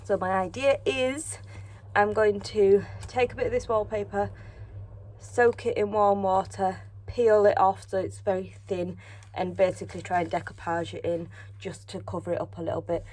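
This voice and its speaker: A woman's voice: medium pitch, fairly even intonation, moderate pace, darkish tone. Chatty British woman vlogging at home. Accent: British English. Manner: chatty, rambling, self-deprecating, lots of fillers. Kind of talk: casual home vlog chat. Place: at home indoors.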